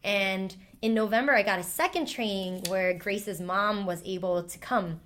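A woman's voice: medium pitch, normal speed, a bit bright. A woman, a former teacher, telling a heartfelt personal story in an interview, emotional and full of "like" fillers.

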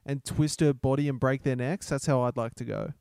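A man co-hosting a comedy podcast over a video call, laid-back and quick to laugh and swear. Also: mid-range voice, steady tone, creaky, dark tone, clean tone, dry recording, clean studio sound. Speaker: podcast co-host. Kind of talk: casual comedy chat.

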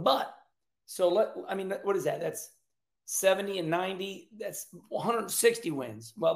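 A high-pitched, gravelly older man talks through a race in a loose, chatty commentary. He jokes and drifts into asides as he goes. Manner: chatty, joking, animated asides. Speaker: racing commentator. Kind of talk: casual commentary vlog.

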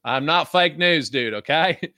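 A man's voice: a little high, moderate pace, pushed and bright, no echo, studio quality. A young man from Vancouver hosting a podcast, ranting in a casual, profane, rambling way and laughing often. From Vancouver, Canada. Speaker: podcast host.

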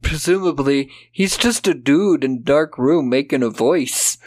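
A man on a podcast, sarcastically recapping a bad movie. He has a slightly high voice and now and then acts out the characters' lines in goofy voices. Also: unhurried, darkish tone. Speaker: podcast co-host. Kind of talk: casual movie-recap chat.

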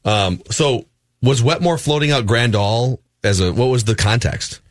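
A man's voice: mid-range voice, measured pace, no room sound, studio quality. A man co-hosting a sports radio show, wry and analytical in casual talk. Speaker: radio co-host.

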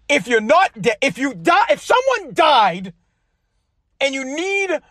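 Man hosting his podcast, high voice, swears constantly, combative rambling rant, dry close recording. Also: sing-song, takes it slowly, bright, forceful tone, dry recording. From Massachusetts. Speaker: podcast host. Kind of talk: casual political rant.

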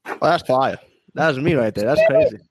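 A man's voice: mid-range voice, huge pitch swings, a little fast. A man hosting a casual interview chat, laid-back and slangy, chuckling along with his guest. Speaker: podcast host.

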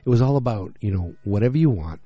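A man's voice: fairly low pitch, expressive, fast, mellow, dry recording, faint music behind. A man casually recapping a TV episode in a rambling, conversational way, acting out the characters' lines.

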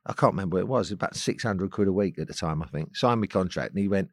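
A man, a podcast guest telling anecdotes in a chatty, chuckling way that sinks into low asides. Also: quick pace, hardly any pauses, no echo, studio quality. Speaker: podcast guest, former footballer. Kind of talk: casual storytelling chat.

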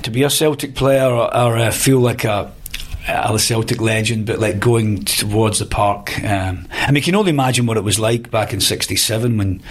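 Scottish male actor, low-pitched, rambling storyteller. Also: moderate pace. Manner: rambling, hesitant, many fillers. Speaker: guest, actor. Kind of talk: podcast interview, anecdote telling.

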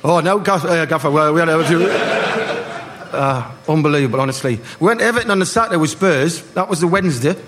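A man, telling lively football stories to a live audience and acting out the voices. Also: on the high side, fast. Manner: animated anecdotes, acting out voices, laughing. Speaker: guest, former footballer. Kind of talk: live storytelling on stage. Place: live party event. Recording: noisy live room.

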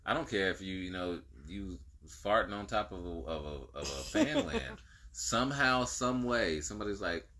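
Guy cohosting a podcast, low voice but real bright and punchy, jokes around nonstop. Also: slight background noise. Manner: animated joking banter, slips into quick mock voices. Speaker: podcast co-host. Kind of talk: casual podcast chat.

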